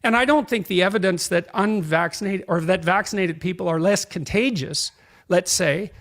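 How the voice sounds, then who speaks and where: A man from Canada, laying out an argument in a measured, reasoning way. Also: high voice, fairly bright tone.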